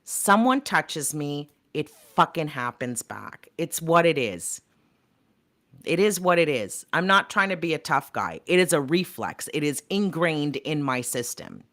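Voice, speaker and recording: A young woman co-hosting a talk show, furious and swearing with every line. Her voice sits low but leaps up and down as she fires off her combative rant. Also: expressive, unhurried, a bit bright. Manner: angry, profane, combative. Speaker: co-host. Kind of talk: heated casual chat.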